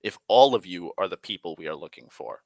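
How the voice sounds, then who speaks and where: A man voicing a calm, fatherly male elf god who speaks in a quiet, measured, patient way while retelling a tabletop game. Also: low voice, gravelly, no echo, heavily acted. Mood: explaining.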